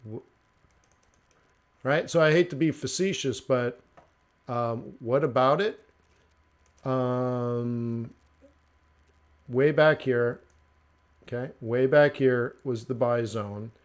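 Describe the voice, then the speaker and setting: A man hosting a casual forex trading live stream, talking through charts in a joking, animated way. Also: mid-range voice, slow pace, pauses often, clear, resonant tone. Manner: chatty, joking, animated asides with mock voices.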